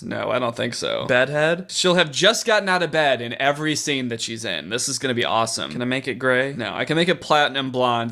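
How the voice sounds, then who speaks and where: A man's voice: medium pitch, sharp tone. A man, a YouTuber, riffing sarcastically through comedic commentary on a story game. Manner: sarcastic, riffing, puts on silly voices.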